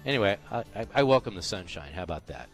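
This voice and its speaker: Soft background music plays as a sports radio golf host talks at a quick pace in a lowish, very animated voice. Broadcasting from a radio studio, he's casual and emphatic, rambling with fillers between live reads and chat.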